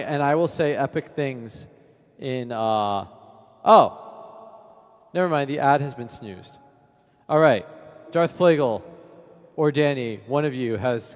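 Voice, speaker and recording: A man hosting a music request livestream who chats casually and thinks out loud, his voice running through a flanger effect. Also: medium pitch, animated, slow pace, pauses often, studio quality. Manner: rambling, thinks aloud, laughs at himself. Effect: flanger and reverb on his voice.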